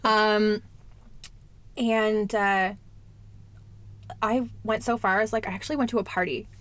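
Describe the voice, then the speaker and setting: A woman's voice: mid-range voice, fairly even intonation, measured pace. A young adult woman talking candidly in a casual chat, lots of "like" and the odd swear word. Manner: candid, chatty, fillers and swearing.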